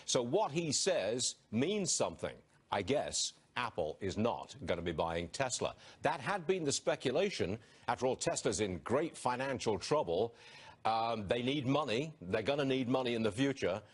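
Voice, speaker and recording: A man's voice: medium pitch, normal speed, slightly rough. A man hosting a business show, giving opinionated live market commentary from a TV studio. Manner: opinionated, animated delivery.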